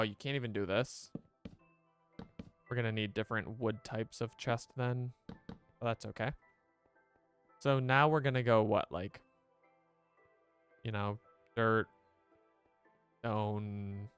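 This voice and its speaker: A man's voice: fairly low pitch, fairly even intonation, slow, pauses often, a bit bright, clean tone, soft background music. A man streaming a game, chatting casually to his viewers and rambling as he plays. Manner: rambling, chatty, talks to chat.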